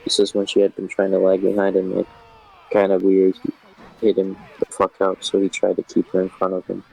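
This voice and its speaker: A man reading a scary story aloud in a casual, flat delivery, swearing often. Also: low-pitched, a little fast, vocal fry, rough recording.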